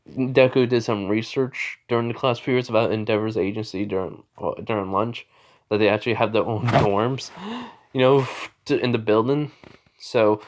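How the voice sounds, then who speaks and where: A man's voice: fairly low pitch, a little mellow. A young man casually retelling a story, rambling with lots of fillers and restarts.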